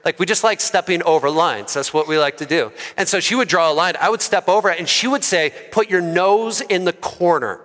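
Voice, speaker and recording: A man preaching a sermon as a pastor, conversational and lively, asking the congregation questions. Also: fairly high pitch, fast, few pauses. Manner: lively and conversational, asks the crowd. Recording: long hall reverb.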